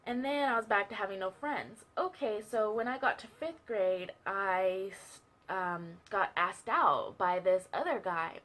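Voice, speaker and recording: A woman's voice: medium pitch, a little slow, a bit bright. A young woman telling a personal story in a chatty, casual way, full of fillers and asides. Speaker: vlogger sharing a testimony.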